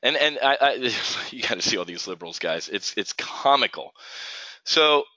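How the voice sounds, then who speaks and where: A man's voice: mid-range voice, expressive, normal speed, bright, forceful tone, no room sound. A middle-aged man hosting a live trading stream, ranting heatedly and stumbling over his words as he goes. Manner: heated, ranting, full of restarts. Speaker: host of a live trading show. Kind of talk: casual live stream rant. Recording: dull, dry lo-fi stream audio.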